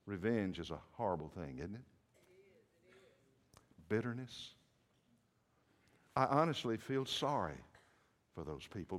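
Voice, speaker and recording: A male preacher unfolds a story in a dramatic sermon. He swings from hushed murmurs to sudden shouts. His pitch moves in lively swoops, and his words echo in a hall with long reverb.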